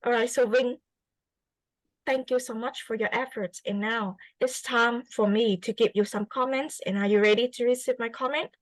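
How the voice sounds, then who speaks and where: Woman, Vietnamese accent, English teacher, high voice, dry close sound, encouraging feedback. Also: fairly even intonation, moderate pace, no echo, low-quality recording. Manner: encouraging, repeats phrases, many fillers. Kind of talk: classroom feedback to a student.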